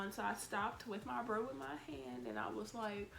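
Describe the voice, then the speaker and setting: This vlogger's voice is fairly high and creaky, moving at a moderate pace with few pauses over slight background noise. Blunt and exasperated, she swears freely through her storytime and animatedly acts out what she said then.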